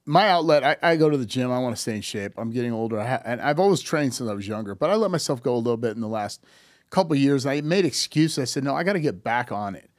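A man's voice: mid-range voice, lively intonation, quick pace, no echo, clean studio sound. A man in his fifties talking casually on a podcast, telling stories animatedly, acting out quoted dialogue and often restarting his sentences. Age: 50s. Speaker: podcast guest.

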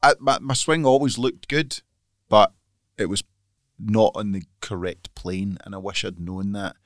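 A man's voice: fairly low pitch, fairly even intonation, unhurried, no room sound, studio quality. A Scottish man co-hosting a podcast, chatting casually in a grumbling, dryly dismissive way. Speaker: podcast co-host, magazine editor. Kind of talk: casual chat.

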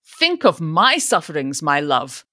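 A woman's voice: sits low, very animated, measured pace, sharp tone, dry recording, clean studio sound, exaggerated voice. A woman reading the part of a grumbling, self-pitying elderly father with a pompous manner.

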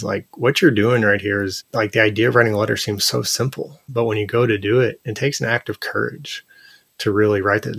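A man in his thirties, a podcast guest, telling personal stories in an earnest, animated way with lots of "like" and "you know". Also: fairly low pitch, vocal fry, dry recording. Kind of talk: casual interview conversation.

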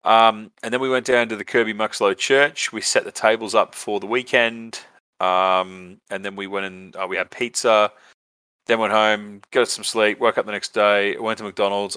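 A man's voice: fairly low pitch, little pitch movement, brisk, bright, forceful tone, smooth, dry recording. An Australian man hosting a podcast, telling a rambling story casually, with lots of fillers and swearing. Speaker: podcast host.

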